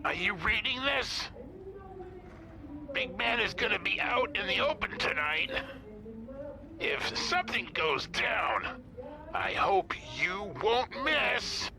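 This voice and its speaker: An actor playing a curt, businesslike pig enforcer in an audio drama. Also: male voice, sits high, sing-song, slow, long pauses, exaggerated voice. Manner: curt, instructive.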